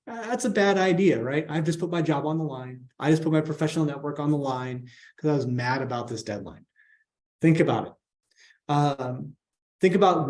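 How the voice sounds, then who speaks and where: A man's voice: a little high, mellow. A man presenting a workshop on professional communication in a casual, conversational way, often checking in with "right?".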